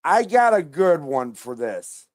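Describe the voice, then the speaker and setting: Unhurried, blunt woman hosting reactions, lively pitch. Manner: blunt, rambling, slangy. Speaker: reaction video host. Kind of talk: casual reaction commentary.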